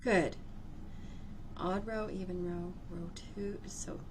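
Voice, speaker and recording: A woman leading a live energy-healing demonstration, theatrical and expressive, often breaking into laughter. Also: fairly low pitch, slow, background noise. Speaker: energy healer.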